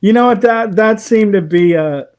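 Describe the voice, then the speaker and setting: A man, a guest in a casual interview, telling animated, opinionated stories and laughing often. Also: sits high, moderate pace.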